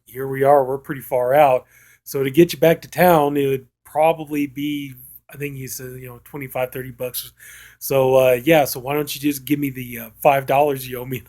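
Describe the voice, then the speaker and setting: A man's voice: medium pitch, mellow. A man casually reviewing a comedy show, rambling and retelling the jokes with plenty of filler words. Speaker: film reviewer.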